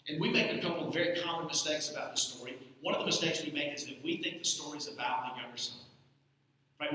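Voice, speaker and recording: A man's voice: fairly high pitch, bright, forceful tone. A man preaching a sermon to his congregation in a church, calling out to the people. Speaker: pastor. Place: church sanctuary. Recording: echoey church hall from a distance.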